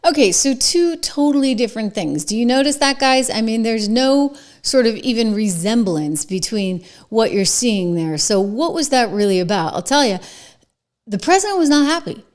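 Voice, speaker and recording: A woman's voice: a little high, lively intonation, normal speed. Woman emphatic sarcastic news commentator. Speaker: host.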